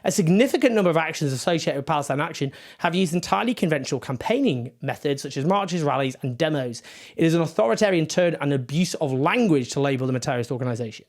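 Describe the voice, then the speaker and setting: A man's voice: a little high, lively intonation, quick pace. A man giving impassioned, indignant political commentary with sarcastic asides.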